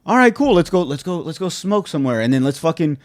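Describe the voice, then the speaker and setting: A man hosting a podcast, chatting casually and going off on animated, profane rants. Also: a little high, quick pace, dry recording, studio quality. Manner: animated, ranting, swears freely. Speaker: podcast host. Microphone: studio podcast mic.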